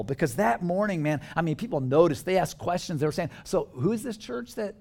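Guy pastor preaching to his church, chatty, cracks jokes, mid-pitched voice. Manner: conversational and animated, jokes with the congregation. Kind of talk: sermon.

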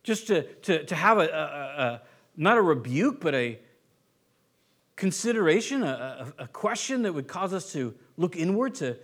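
High-voiced man preaching a sermon. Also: very animated, moderate pace, fairly bright tone. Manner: informal, explanatory teaching tone. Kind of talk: conversational sermon.

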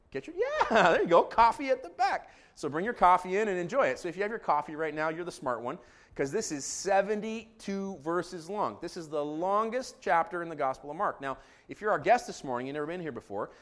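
Male pastor, sermon, animated storytelling, jokes, reads scripture aloud. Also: a little high.

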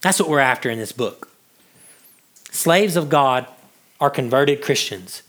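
A man preaching a sermon as pastor, animated, moving between loud high lines and hushed low ones and often repeating words as he restarts. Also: measured pace.

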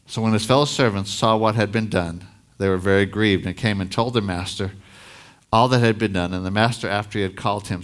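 A man preaching a Sunday sermon in a fairly low voice. He reads scripture aloud and stops to explain it plainly. His force rises on the lines he wants to land. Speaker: pastor.

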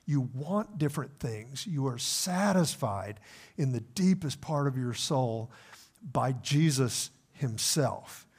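A male pastor preaching an earnest sermon, slowing for emphasis and sometimes repeating words as he goes. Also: mid-range voice, animated, darkish tone, slightly rough.

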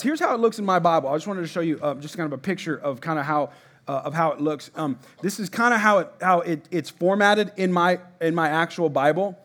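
High-voiced casual male preacher. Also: fast talker, fairly bright tone. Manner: conversational, repetitive, asks congregation to respond. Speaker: pastor. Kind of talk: sermon.

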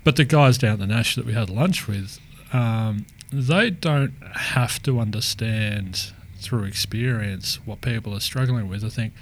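A man's voice: fairly low pitch, unhurried, a little hiss or hum. A man who works as a lived experience practitioner, talking reflectively in casual conversation. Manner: reflective, animated storytelling with restarts.

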